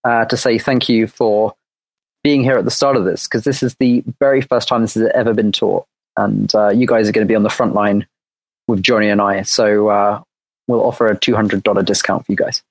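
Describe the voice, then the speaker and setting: A man's voice: on the low side, steady tone, fairly quick, no room sound, poor audio. A man chatting casually as a guest coach, upbeat and joking as he explains things. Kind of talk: casual chat.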